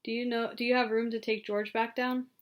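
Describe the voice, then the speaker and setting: A woman voicing a steady male mountain guide who speaks firmly and plainly. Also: a little high, fairly quick, close to an everyday voice. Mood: matter-of-fact.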